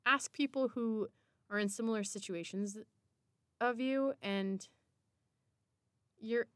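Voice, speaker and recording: Dry, unhurried woman podcast host. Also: medium pitch, fairly bright tone, clean tone, dry recording. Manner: encouraging, unhurried, with pauses and restarts. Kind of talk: reflective solo monologue.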